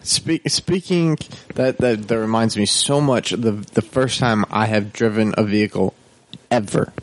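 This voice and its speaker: A young man chatting casually, telling a lively story and mimicking a panicked voice at times. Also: on the low side, a little slow. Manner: animated storyteller, mimics his panicked mother. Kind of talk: casual chat.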